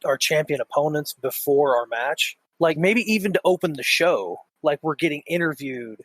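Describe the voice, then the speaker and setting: A man playing in a tabletop wrestling role-play, pitching ideas in an easygoing, casual way. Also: animated, moderate pace, a bit bright, dry recording, low-quality recording. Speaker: player.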